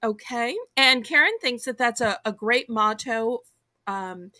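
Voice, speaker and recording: A Southern woman with a high, bright voice hosts a live stream and reads viewer messages aloud. She sounds upbeat, and her pitch rises and falls a lot. The sound is dry and close. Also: unhurried, no echo. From American South. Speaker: host. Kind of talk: live-stream chat, reading viewer comments.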